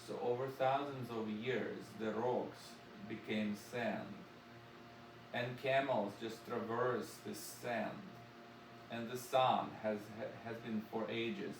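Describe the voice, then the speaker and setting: A man's voice: medium pitch, fairly even intonation, unhurried, gravelly. A man teaching a music lesson, coaching a student and singing melodies on nonsense syllables while he explains, often repeating words as he searches for them. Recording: echoey room, mic far off, noisy.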